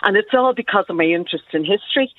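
A woman's voice: mid-range voice, animated, fast talker, no echo. An Irish woman historian, a guest on a radio interview, talking in a chatty, enthusiastic way and laughing often, heard over a tinny phone line.

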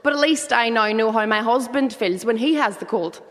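Derry woman doing stand-up, high voice. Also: brisk, long reverb tail. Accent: Northern Irish (Derry). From Northern Ireland. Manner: lively, punchy joke delivery. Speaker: comedian guest. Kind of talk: stand-up comedy set.

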